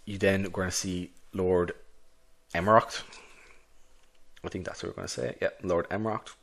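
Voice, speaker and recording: A man's voice: sits low, steady tone, moderate pace, vocal fry, fairly bright tone. A man narrating a solo tabletop game in a casual, rambling way. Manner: casual, rambling, many restarts.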